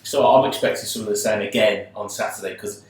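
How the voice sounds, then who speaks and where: A man's voice: fairly low pitch, steady tone, quick pace, very echoey, far from the mic. A man co-hosting a sports podcast, chatting casually and mostly chipping in with short reactions. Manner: brief reactive interjections. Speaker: podcast co-host. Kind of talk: casual chat.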